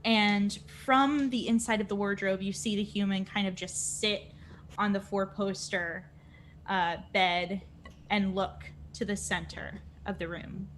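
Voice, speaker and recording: A woman's voice: mid-range voice, steady tone, measured pace, a bit bright, slight background noise. Woman narrating as game master. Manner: descriptive storytelling.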